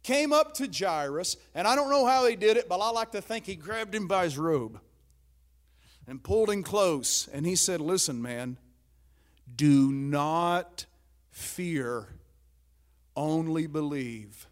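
A man's voice: sits high, lively intonation, normal speed. A pastor preaching a sermon in an emphatic, conversational way, often checking in with his listeners.

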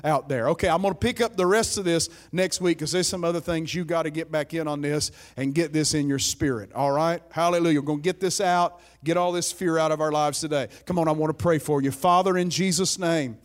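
A man's voice: fairly high pitch, fairly quick, hardly any pauses. A man preaching a sermon as pastor, emphatic and exhorting his listeners.

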